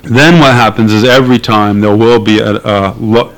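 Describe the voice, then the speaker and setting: A man's voice: on the low side, steady tone, moderate pace, rough recording. A man being interviewed, talking casually and hesitantly with many fillers and dry laughs. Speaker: activist interviewee.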